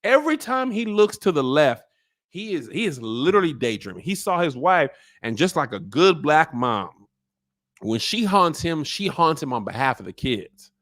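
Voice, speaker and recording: A man hosting a comedic TV recap, riffing in a slangy, animated way. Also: fairly high pitch, normal speed.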